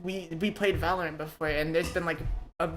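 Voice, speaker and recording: A woman's voice: fairly low pitch, steady tone, a little fast, a little hiss or hum. A woman hosting a podcast, chatting casually, rambling with lots of restarts and swearing. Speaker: podcast host.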